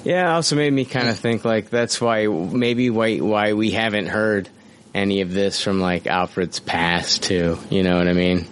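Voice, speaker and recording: A man's voice: on the low side, moderate pace, a little hiss or hum. A man hosting a podcast in casual chat, profane and rambling, with many fillers. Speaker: podcast host.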